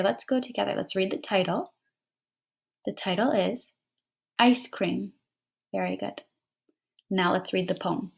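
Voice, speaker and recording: A woman guiding a class through a short poem, reading it aloud and slowing down to point out each pause. She talks clearly and patiently into a computer microphone during an online lesson. Her pitch sits in an ordinary middle range. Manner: clear, patient teacher pacing. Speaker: teacher. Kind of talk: fluency lesson read-aloud. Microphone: computer mic, online class.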